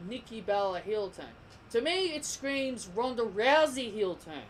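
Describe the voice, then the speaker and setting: Speaking at a moderate pace in a high, expressive voice, a young Australian man vlogs about wrestling in a heated, opinionated rant full of repetition and stumbling restarts. The recording is rough, with a little hiss or hum.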